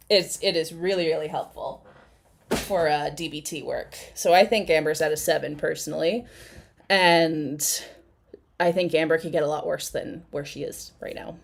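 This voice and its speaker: A woman's voice: low voice, gravelly. A woman hosting a casual live chat, rambling and swearing freely as she reacts to clips. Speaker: host.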